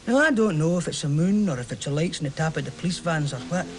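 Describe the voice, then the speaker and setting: A man's voice: fairly high pitch, expressive, fast, background noise, close to an everyday voice. A man playing a chatty Glasgow football fan. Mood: warm storytelling. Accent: Glaswegian Scottish. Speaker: football fan telling a story. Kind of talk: stage play acting.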